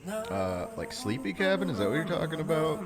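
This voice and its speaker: A man's voice: fairly high pitch, big pitch swings, a little fast. A man streaming a video game live, chatting casually and thanking his viewers as he plays at home on a desk mic. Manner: chatty, reads and thanks chat. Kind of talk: casual live-stream chat while gaming. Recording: game music playing underneath. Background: game music.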